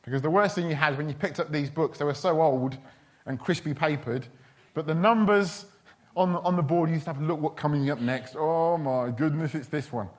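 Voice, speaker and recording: A man's voice: a little high, brisk. A man preaching a sermon in a chatty, humorous storytelling way. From England. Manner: chatty, humorous, with quoted voices.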